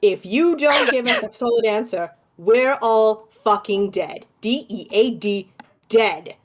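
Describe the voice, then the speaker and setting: A woman playing a stern, threatening elf warlock. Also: a little high.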